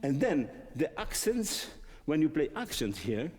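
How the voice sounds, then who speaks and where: A man teaching a violin masterclass, singing musical phrases in syllables and explaining tempo and dynamics in halting speech with many fillers. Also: fairly high pitch, big pitch swings, darkish tone, husky. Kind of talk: masterclass instruction. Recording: long hall reverb.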